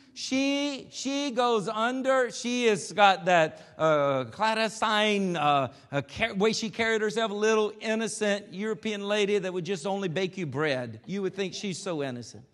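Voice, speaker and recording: Male pastor, high voice, halting story-driven sermon, long hall reverb. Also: a bit bright. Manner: hesitant with many filler sounds.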